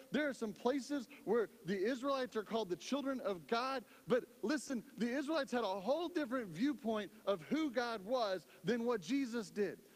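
In a large hall, a man with a very high voice preaches a sermon as a pastor. His style is conversational, with frequent check-ins with the congregation and lots of "right?".

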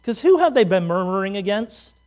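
A pastor preaching a sermon in a humorous, conversational way, full of rhetorical questions. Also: male voice, sits high, sing-song, a little fast, darkish tone.

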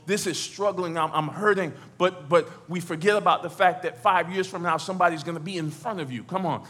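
A man preaching as pastor, talking to the congregation conversationally, acting out quotes and building to loud exhortation. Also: high voice. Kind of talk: sermon.

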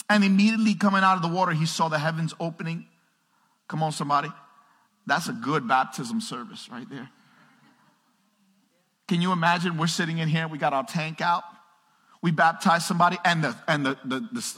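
A man preaching a sermon to a congregation, calling out to the crowd and swinging from loud, fervent reading to hushed asides. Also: on the high side, brisk. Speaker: pastor. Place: church sanctuary. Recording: long reverb of a large hall.

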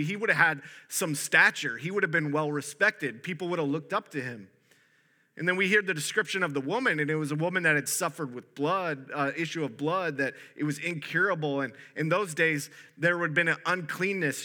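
A male pastor giving a conversational, animated sermon, often restarting his sentences. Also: on the high side.

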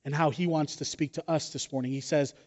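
A man preaching a sermon as pastor, telling a personal story in an animated, joking way. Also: fairly high pitch, a little fast. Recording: dull sound in a reverberant hall.

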